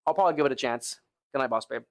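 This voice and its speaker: A man's voice: mid-range voice, very fast. A young man live-streaming from the gym, chatting casually with his viewers between lifts, saying "bro" and "like" a lot. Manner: laid-back, talks to chat with lots of "bro" and "like". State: tired arms after lifting, sighing between sets.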